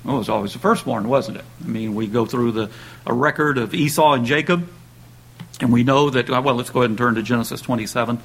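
A man's voice: fast talker, gravelly, fairly bright tone, rough recording. A man preaching a sermon, speaking conversationally with restarts and lifting his voice when he reads scripture aloud. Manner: raises pitch and volume when reading dramatic quotes.

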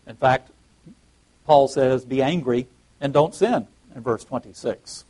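A man preaching a sermon at a middle pitch, working through scripture passage by passage. He rises in pitch and volume on the quoted verses, then drops back into a plainer teaching tone, often restarting his phrases. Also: measured pace, a little mellow, slightly rough, poor audio. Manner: reads scripture aloud with emphatic rises, frequent restarts.

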